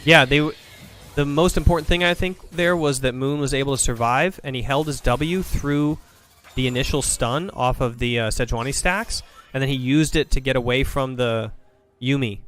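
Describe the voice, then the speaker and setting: A man commentating a video game match, breaking plays down quickly and thinking aloud. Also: medium pitch, fairly bright tone. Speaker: esports caster. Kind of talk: play-by-play and analysis commentary.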